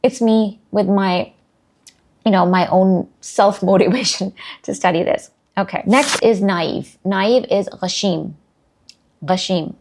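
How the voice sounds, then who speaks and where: A woman's voice: medium pitch, darkish tone. Chatty woman teaching vocabulary. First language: Urdu. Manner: chatty, self-deprecating, repeats words slowly. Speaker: language learner teaching vocabulary. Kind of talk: casual language lesson.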